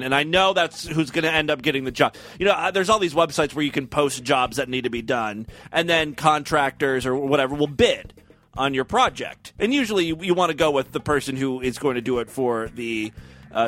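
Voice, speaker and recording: A man's voice: a little high, fairly bright tone. A man hosting a podcast, talking in a rambling, sarcastic and profane way. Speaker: podcast host. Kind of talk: casual monologue and comic reading.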